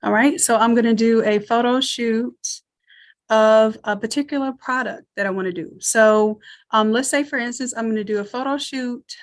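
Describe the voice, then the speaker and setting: A woman leads a live screen-share tutorial in a fairly high voice. She talks casually and thinks out loud, narrating each click as she goes and inviting her viewers to chime in. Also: moderate pace. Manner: chatty, thinks aloud while working. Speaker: online design instructor.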